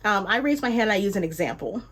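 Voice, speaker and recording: A young adult woman telling a story in a casual vlog, animated and exclamatory, and she jumps high in pitch when she is incredulous. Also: quick pace. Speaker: vlogger.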